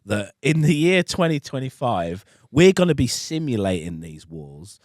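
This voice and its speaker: A man's voice: medium pitch, normal speed, dry recording, studio quality. Rambling, sweary man podcasting. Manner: rambling, sweary storytelling with lively swings. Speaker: podcast co-host. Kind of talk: casual chat.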